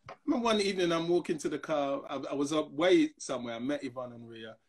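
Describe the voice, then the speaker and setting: With a voice on the high side and a quick pace, a fifty-something pastor recounts personal anecdotes in casual conversation. He performs the other characters' voices with animated flair.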